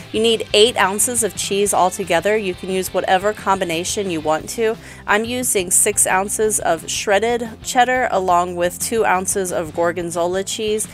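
A woman in her thirties gives a recipe voice-over at a middle pitch. She explains each step in a relaxed, practical way. Faint music sits behind her. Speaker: cooking channel host.

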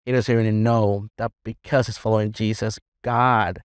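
A man's voice: on the low side, level tone, normal speed, clear, resonant tone, dry recording, studio quality. A man, a pastor, speaking earnestly to parents in a casual podcast chat. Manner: earnest, preachy encouragement.

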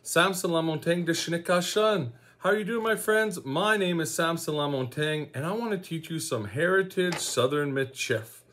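A man from Saskatchewan, Canada, teaching a language lesson in a slow, encouraging way, repeating each word for learners to say along. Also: fairly high pitch, animated, fairly bright tone.

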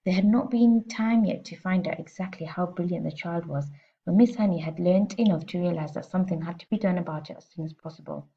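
Gravelly-voiced woman reading a storybook aloud. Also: fairly low pitch, a little fast. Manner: expressive, steady reading. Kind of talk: storybook read-aloud narration. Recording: slightly muffled lo-fi recording.

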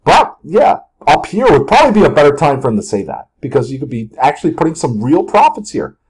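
A man talks through stock charts in a loose, rambling way, cracking jokes as he goes. His pitch rises and falls a lot, and his voice is a little husky and a touch higher than most men's. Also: very animated, fast, darkish tone. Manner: rambling, jokey, slips into mock outbursts and sung lyrics. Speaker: market video host. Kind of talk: casual market commentary over charts.

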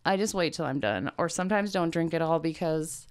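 A woman in her thirties, a stand-up comic chatting as a podcast guest, telling stories in a profane, animated way and acting out other people. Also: low-pitched, brisk, clean tone. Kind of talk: casual chat.

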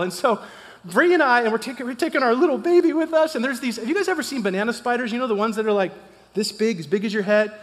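A man in his thirties preaching in a church, telling a personal story, animated and swinging from loud to hushed. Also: sits high. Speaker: pastor. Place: church sanctuary. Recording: long reverb of a church hall.

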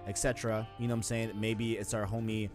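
A man co-hosting a gaming podcast in casual chat, slangy and excitable, often saying "you know what I'm saying". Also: lowish voice, quick pace, music in the background. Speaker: podcast co-host.

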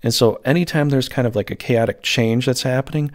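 This is a man doing a casual tarot reading, meandering from point to point with plenty of fillers and restarts. His voice is medium-pitched and his pace is brisk.

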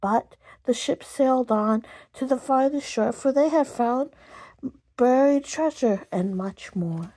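A woman reading a children's picture book aloud in an expressive way. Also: high-pitched, slow pace, dry recording. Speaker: storybook reader.

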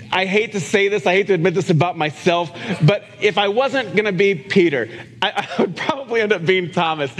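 High-voiced pastor preaching in a reverberant church. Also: male voice, a bit bright. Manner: earnest, conversational, self-deprecating, with frequent restarts. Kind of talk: sermon. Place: church sanctuary. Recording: long reverb of a church hall.

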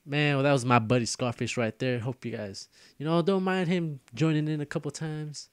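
A man's voice: on the high side, fairly even intonation, moderate pace, clear, resonant tone, dry recording. Joking young man commenting on gameplay. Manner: joking, grumbling and trash-talking at other players. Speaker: gaming video host.

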